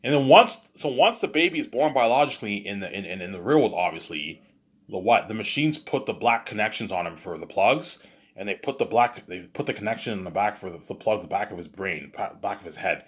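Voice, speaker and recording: A man's voice: on the low side, animated, a little fast, husky. A man telling an improvised story in a rambling, boastful way, full of stumbling restarts and repeated filler phrases. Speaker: storyteller, vlogger.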